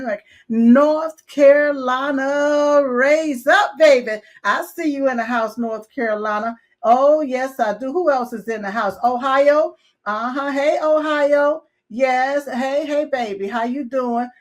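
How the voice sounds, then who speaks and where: A woman hosting a live talk show, energetic and repetitive, full of "yes, yes" and "you all.". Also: medium pitch. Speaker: show host. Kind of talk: live talk show opening and sponsor reads.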